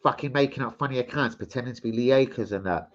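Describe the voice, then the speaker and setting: A man hosting a casual live stream, swearing freely, rambling and giving loud shout-outs to chat. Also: mid-range voice, fast. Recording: slightly muffled stream audio.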